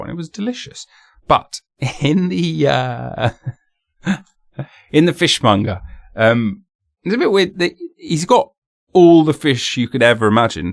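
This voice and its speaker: A man's voice: mid-range voice, creaky, no echo, studio quality. A man hosting his own podcast, chatting casually and rambling with self-mocking jokes and silly voices. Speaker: podcast host. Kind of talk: casual solo monologue.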